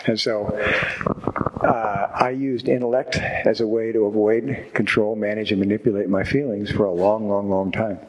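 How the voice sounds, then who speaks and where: A man's voice: fairly low pitch, little pitch movement, normal speed, a little mellow, slight background noise, low-quality recording. A man speaking to a group at a recovery meeting, giving a candid, reflective personal testimony with wry humor.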